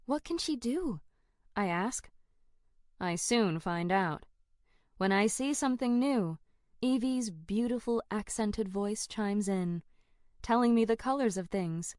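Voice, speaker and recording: A woman narrating a first-person fantasy audiobook in an expressive, dramatic way. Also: mid-range voice, slow, dry recording, clean studio sound.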